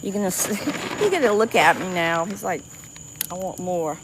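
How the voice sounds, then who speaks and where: A woman's voice: medium pitch, big pitch swings, moderate pace, background noise. A woman from South Louisiana with a Cajun accent, chatting casually with viewers during an outdoor livestream by the water. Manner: chatty, lots of restarts and y'all, laughs easily. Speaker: livestream host. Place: outdoors by a swamp river at night.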